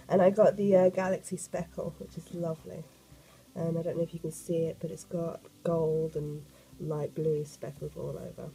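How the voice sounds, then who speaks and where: A woman, croaky from a cold, chatting excitedly as she unboxes a sketchbook for an art vlog. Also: deep voice, normal speed, low-quality recording. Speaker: art vlogger.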